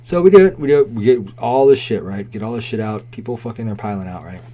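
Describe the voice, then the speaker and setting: A man's voice: lowish voice, fast, warm tone. Profane rambling man telling a story. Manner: rambling, profane, fillers of "right?" and "like". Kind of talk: casual spoken anecdote.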